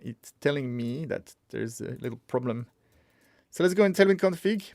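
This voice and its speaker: A man's voice: mid-range voice, no room sound, studio quality. Man thinking aloud while coding. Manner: thinks aloud, mutters to himself while working. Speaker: streamer coding live. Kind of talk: casual live-coding stream.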